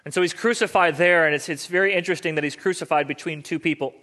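Earnest, bright-voiced male pastor preaching. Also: a little high, fast. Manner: conversational, earnest storytelling. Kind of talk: sermon.

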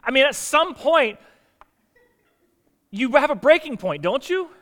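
A man preaching a sermon as pastor, animated, asking rhetorical questions and acting out quoted lines. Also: very high voice, measured pace.

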